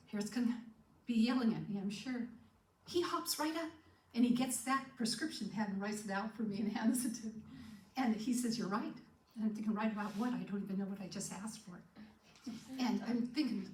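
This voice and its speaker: Woman telling her story in an echoey hall. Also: medium pitch. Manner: storytelling, acting out dialogue with animated shifts. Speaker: guest speaker sharing testimony. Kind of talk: personal testimony talk. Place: church hall. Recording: echoey hall, distant from the mic.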